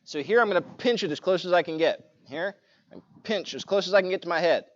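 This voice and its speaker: A man with a fairly high voice leads a live-streamed self-defense class, talking casually and checking in as he demonstrates. He wears a clip-on mic, and the audio is dull and lo-fi. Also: animated, fast talker. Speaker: martial arts instructor. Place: martial arts studio. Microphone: clip-on mic, sometimes knocked off.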